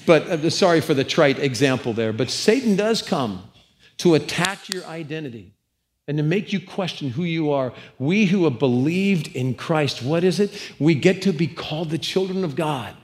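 A man preaching in church with a fairly high voice and an animated, storytelling manner. He jokes with the congregation and breaks off into asides before he comes back to his point. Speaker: pastor. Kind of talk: sermon.

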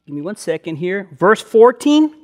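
A man with a high voice preaching from the pulpit, starting his message with a rambling, slang-filled story told like a chat with friends. He leans on fillers and jumps up in pitch when he acts out the excited moments. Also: normal speed. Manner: chatty storyteller full of "man" and "bro" with many fillers. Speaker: pastor. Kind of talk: sermon opened with a casual told anecdote.

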